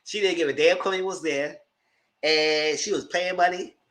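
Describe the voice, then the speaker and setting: A TV show reviewer giving a casual recap, animated and laughing, acting out the characters in squealing high voices. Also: moderate pace. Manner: laughs through the story.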